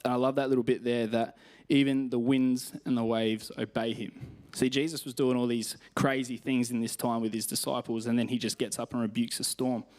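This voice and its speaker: A man's voice: medium pitch, level tone, brisk, few pauses, a little mellow. A young man with an Australian accent preaching a sermon in a chatty, self-deprecating way, telling personal stories and reading scripture. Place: church stage.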